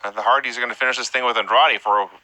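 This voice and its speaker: A man co-hosting a casual podcast who keeps throwing in jokes. His voice is very bright and forward, recorded dry and close. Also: medium pitch, steady tone, dry recording, rough recording. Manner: joking, quick with wisecracks. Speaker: podcast co-host. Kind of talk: casual chat.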